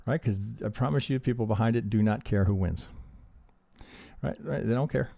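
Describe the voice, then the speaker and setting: A man teaching trading on a live stream, reviewing charts in an animated, profane way and asking "right?" again and again. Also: on the low side, normal speed, vocal fry, no room sound. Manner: profane, emphatic, acts out trader reactions, keeps asking "right?".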